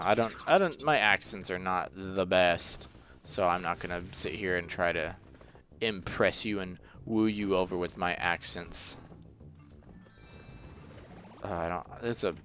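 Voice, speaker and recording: A man's voice: deep voice, unhurried, fairly bright tone, soft background music. A young man casually commenting while he plays a video game, rambling and joking, with lots of fillers. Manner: rambling, jokey, easily frustrated, many fillers. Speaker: gaming channel host. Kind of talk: casual let's-play commentary.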